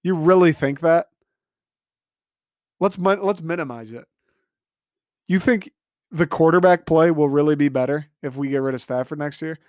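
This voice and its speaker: A man hosting a solo sports podcast, talking in an animated, emphatic way and swearing freely. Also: fairly high pitch, moderate pace, pauses often, dry recording, studio quality. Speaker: podcast host.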